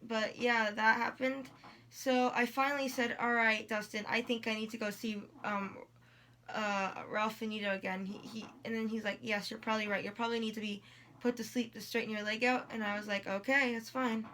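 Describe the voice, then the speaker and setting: A woman's voice: a little high, level tone, moderate pace, fairly bright tone, a little hiss or hum. A teenage girl telling a long personal story in a casual vlog, rambling with many likes and ums while in pain. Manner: rambling, lots of likes and ums, quotes people in dialogue. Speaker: vlogger.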